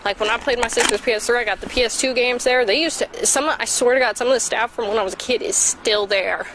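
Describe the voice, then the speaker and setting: A woman's voice: on the high side, steady tone, fast talker, a bit bright, slight background noise, rough recording. A young woman vlogger telling rambling childhood stories outdoors while walking, swearing freely and mocking herself. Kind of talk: rambling casual storytelling.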